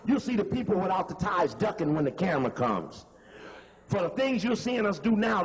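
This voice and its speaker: Brief: man with a high voice, emphatic lecture commentary on footage, reverberant hall. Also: darkish tone. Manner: conversational, emphatic, repeats instructions to pause the tape. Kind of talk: lecture commentary over video clips.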